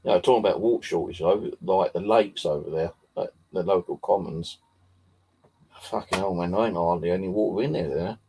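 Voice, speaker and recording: A man's voice: low voice, brisk, dark tone, slightly rough, poor audio. A man chatting casually to camera, rambling and swearing often. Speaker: vlogger.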